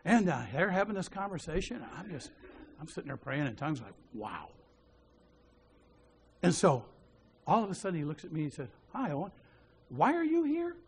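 A man preaching a sermon, telling a story and acting out the voices in it, dropping to a hushed voice when he quotes a prayer. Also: fairly high pitch, quick pace, breathy edge. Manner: animated storyteller who acts out the dialogue.

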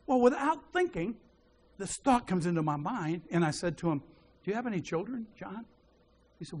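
Lively high-voiced preacher telling a story. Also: male voice, normal speed, pauses often, slightly rough. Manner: animated storyteller who acts out the dialogue. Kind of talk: sermon storytelling.

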